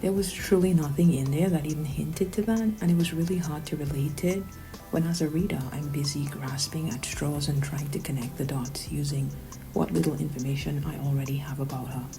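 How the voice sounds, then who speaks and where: A woman's voice: low voice, fairly even intonation, brisk, music in the background, rough recording. A woman hosting a critical commentary, talking in a sarcastic, pointed way. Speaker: commentary host.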